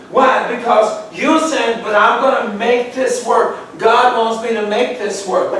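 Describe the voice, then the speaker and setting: A man leading a church Bible study who quizzes the group and answers them with emphatic calls. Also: extremely high pitch. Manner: asks questions for the group to answer, sudden emphatic outbursts. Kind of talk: call-and-response Bible study teaching. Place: church room. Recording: echoey church room from far off, faint noise.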